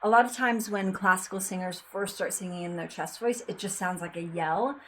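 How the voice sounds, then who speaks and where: Casual female vocal coach, bright forward voice, talks loosely and sings short demos. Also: medium pitch, brisk, slight background noise, low-quality recording. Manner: chatty, demonstrates sung notes between explanations. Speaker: singing teacher. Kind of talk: casual vocal lesson with sung examples.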